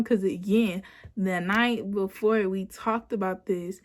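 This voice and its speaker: A woman's voice: mid-range voice, measured pace. Chatty young woman telling a story. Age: 20s. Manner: chatty, rambling with frequent "like" and "you know"; animated when quoting herself. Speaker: vlogger. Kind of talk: casual storytime. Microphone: phone camera.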